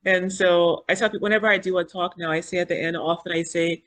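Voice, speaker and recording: A woman in her fifties, a podcast guest, telling her personal story in an animated, earnest way and acting out the things she and others said. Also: lowish voice, fairly quick. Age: 50s. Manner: animated, acts out quoted dialogue and inner thoughts; spiritual, earnest. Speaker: podcast guest, foundation founder.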